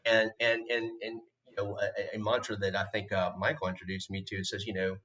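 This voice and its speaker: A man's voice: lowish voice, level tone, brisk, fairly bright tone, dull audio. A man hosting an interview podcast, speaking reflectively with small restarts. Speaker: podcast host. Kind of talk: conversational interview.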